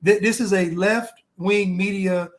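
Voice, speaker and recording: A man's voice: high voice, fairly even intonation, a little slow. A man co-hosting a casual political talk show, heated and insistent, repeating his points. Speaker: co-host.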